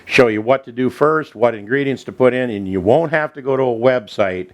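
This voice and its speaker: A man's voice: medium pitch, a little fast. A man from Minnesota hosting a home cooking show, chatting in a homespun way while he explains each step in his kitchen. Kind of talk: folksy cooking demonstration.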